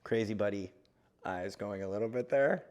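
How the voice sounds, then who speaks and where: A man's voice: on the low side, moderate pace, a little mellow. A man from Florida chatting casually on a gardening live stream, joking and talking to his cat as he walks around.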